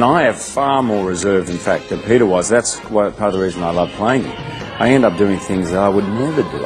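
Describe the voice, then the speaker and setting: Aussie guy in his 30s gabbing in an interview, lively storyteller, bit of music under him. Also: on the low side, low-quality recording. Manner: animated storyteller, quick restarts. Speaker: interviewed actor. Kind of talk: casual interview chat.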